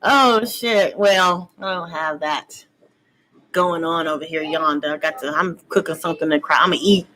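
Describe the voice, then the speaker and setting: A woman's voice: low-pitched, normal speed, poor audio. A woman chatting casually on a tarot livestream from home, acting out voices and laughing often. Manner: loud, laughing, acts out voices with slang. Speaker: tarot reader and vlogger. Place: at home, cooking.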